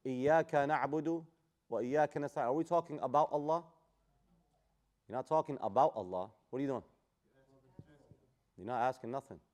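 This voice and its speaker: A man teaching a Quran class, animated and quizzing his students in casual street phrasing. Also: mid-range voice, moderate pace, pauses often. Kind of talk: classroom lesson on Quran tafsir.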